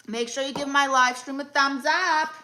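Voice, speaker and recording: Bright-voiced woman with a New York accent. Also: sits high, normal speed, rough recording. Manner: dry, deadpan quips. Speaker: livestream host playing an aunt. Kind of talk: comedic livestream chat reading comments.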